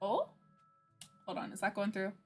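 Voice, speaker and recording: A woman's voice: mid-range voice, very animated, normal speed. A woman hosting a livestream, chatting casually with her viewers and laughing often between lines. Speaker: livestream host. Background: faint background music.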